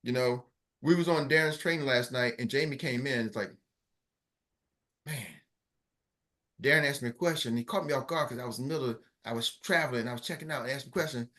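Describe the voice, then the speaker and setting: A middle-aged man coaching a team in a motivational talk on an online call, energetic and repetitive, often checking that his listeners are with him. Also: medium pitch, fairly quick, pauses often. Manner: energetic, repetitive, keeps asking the audience if they follow. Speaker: business coach.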